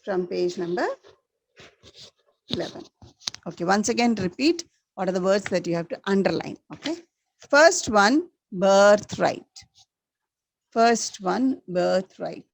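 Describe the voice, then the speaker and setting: A woman teaching a school class, slowly repeating the key words for her students. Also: medium pitch, gravelly, darkish tone. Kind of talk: classroom lesson.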